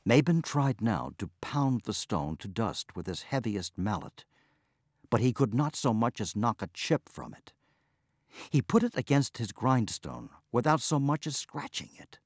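A man reading a storybook aloud in an expressive, unhurried way. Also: mid-range voice, no echo, studio quality. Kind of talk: storybook narration.

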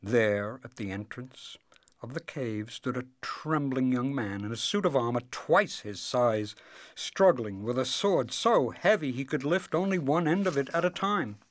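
A man reads a fairy tale aloud, taking his time and letting his pitch rise and fall with feeling. His voice sits a little high for a man. The recording is close and dry. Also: dry recording. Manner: slow, expressive reading. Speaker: storyteller. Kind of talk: storybook read-aloud.

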